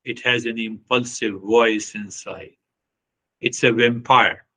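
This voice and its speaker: A man with a bright, forceful voice gives an earnest spiritual talk. He repeats himself for emphasis and puts pointed questions to his listeners. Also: mid-range voice, steady tone, takes it slowly, rough recording. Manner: earnest, repetitive, with short laughs and acted quotes. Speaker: spiritual teacher.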